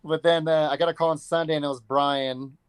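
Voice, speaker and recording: A man's voice: on the high side, fairly even intonation, brisk, smooth, no room sound. A man in his thirties telling a story casually in an interview, loose and profane, acting out what people said. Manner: loose, profane, acts out quotes. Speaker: fighter being interviewed.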